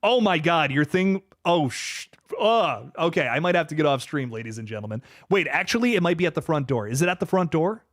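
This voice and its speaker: A young man hosts a casual livestream from home, reading viewer comments aloud in a laid-back way and often repeating or restarting words. His fairly high voice is animated and fairly quick with few pauses. The sound is studio quality with no echo.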